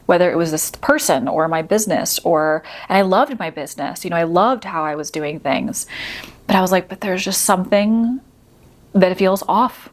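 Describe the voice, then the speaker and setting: A woman with a slightly low voice tells a personal story as a podcast host. She talks casually and reflectively, often filling her sentences with "you know" and "like". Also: expressive, moderate pace. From United States. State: teary at moments.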